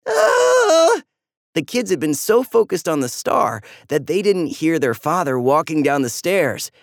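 A storyteller reading a children's story aloud with animated, lively delivery. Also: mid-range voice, normal speed, no echo, clean studio sound.

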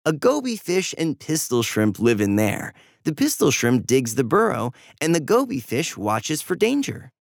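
A calm, patient mother from a storybook, explaining things gently in a low, lively voice. A man reads her, close to his own gravelly voice. Dry and close to the mic. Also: moderate pace, few pauses, no room sound. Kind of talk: storybook reading.

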